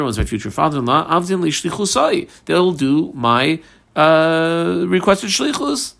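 A man teaching a Talmud page, switching between Aramaic phrases and casual English explanations in an animated way. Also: a little high, a little slow, gravelly. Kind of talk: daf study lesson.

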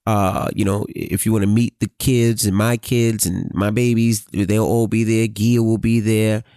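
Man, low voice, animated storyteller, podcast co-host, dry studio sound. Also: a little slow, no room sound. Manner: animated storytelling, swearing, hums sound effects. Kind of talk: casual chat.

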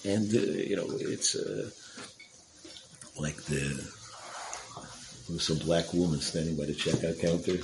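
A man's voice: deep voice, a little slow, long pauses, background noise. A man telling a religious story and drawing a lesson from it, in a casual, conversational way with fillers and restarts. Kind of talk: storytelling Torah talk.

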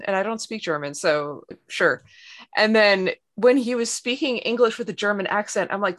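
Hesitant woman with a low voice. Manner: hesitant, lots of ums, deadpan asides. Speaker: comics artist, co-host. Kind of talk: casual chat.

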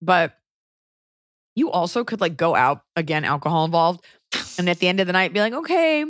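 A woman hosting a podcast in casual comedic chat, telling stories with lively jokes and quick impressions. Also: lowish voice, no room sound, clean studio sound. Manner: animated, joking storyteller, quick impressions. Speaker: podcast host.

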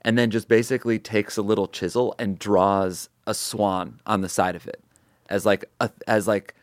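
A man's voice: lowish voice, steady tone, moderate pace, no room sound, clean studio sound. A man guesting on a comedy podcast, teasing and incredulous in casual chat.

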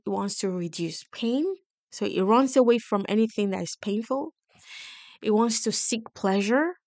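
A woman's voice: medium pitch, a little mellow, no echo. Woman coach explaining things plainly. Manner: explanatory, often checks in with "right?" and "okay?". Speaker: podcast host and wealth coach. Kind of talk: teaching monologue.

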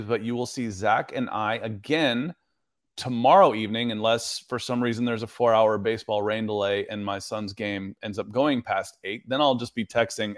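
Chatty middle-pitched male podcast co-host. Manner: relaxed, chatty, many fillers. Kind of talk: casual sports podcast chat.

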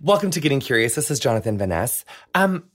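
A man's voice: medium pitch, big pitch swings, fast. A man in his thirties hosting an interview podcast, gushing and campy, peppering his speech with "like" and "honey.". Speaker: podcast host. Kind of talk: casual interview chat.

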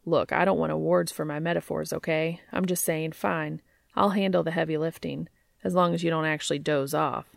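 Woman voicing an eager joking grown man, fast talker, slightly low, gravelly. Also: steady tone, no echo. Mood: playful. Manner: quick, joking, talkative.

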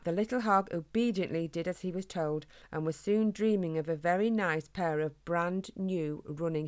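A woman reading a children's storybook in a gentle, expressive way. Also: fairly low pitch.

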